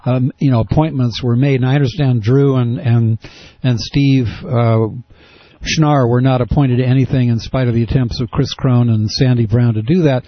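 A man's voice: medium pitch, fairly even intonation, no echo. Male talk-radio host, wry questioner, slightly muffled dry recording. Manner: probing, wry, halting restarts. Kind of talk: call-in radio interview.

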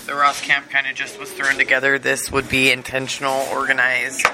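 A man's voice: medium pitch, monotone, normal speed, very noisy. Guy rambling through a casual report, um-ing a lot, cutlery clinking in the background. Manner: loose, chatty, many fillers. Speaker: homeless encampment advocate. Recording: dish and cutlery clatter.

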